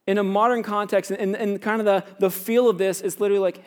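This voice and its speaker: Male pastor with a high voice, chatty sermon delivery that checks in with the room. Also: steady tone, fast, hardly any pauses, darkish tone. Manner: conversational, peppered with "right?" and "like".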